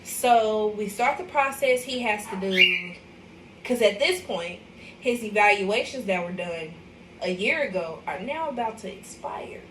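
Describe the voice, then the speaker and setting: A young mother from Arkansas, USA, chats casually and emotionally with viewers on her livestream vlog. Her mid-range voice is expressive, unhurried and a bit bright. The mic sits at a distance in an echoey room, with a little hiss or hum.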